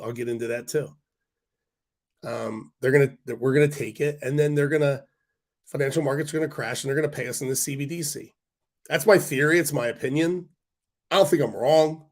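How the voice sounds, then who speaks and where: A man ranting to his livestream viewers in a loose, rambling way, blunt and quick to swear. His voice is worn out and congested, as if he is losing it, and he is in mid-range pitch. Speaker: stock market livestream host. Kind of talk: casual livestream rant to viewers.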